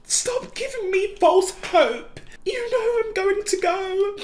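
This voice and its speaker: A woman's voice: extremely high pitch, takes it slowly, roomy sound, a little hiss or hum, voice pushed up. A woman voicing a young daughter on her deathbed, speaking in a theatrical, fading way. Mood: dramatic. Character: young daughter Samantha, dramatic and dying.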